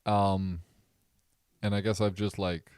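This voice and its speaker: A young man from the American Midwest with a Midwest accent, co-hosting a podcast in relaxed, rambling casual chat. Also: deep voice, slow, clear, resonant tone, no echo, studio quality. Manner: relaxed, rambling, laughs often. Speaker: podcast co-host.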